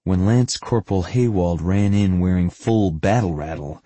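A man narrating an audiobook in a very deep, husky voice. His telling is steady and even. The recording is dry and close, with no room around him. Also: normal speed, no echo. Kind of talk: scripted narration.

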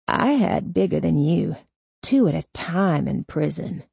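Woman voicing a raspy, panicky male ex-con. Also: deep voice, animated, unhurried, a little mellow, dry recording, heavily acted. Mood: defiant. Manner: pleading, screaming in panic. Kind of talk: audiobook character voice.

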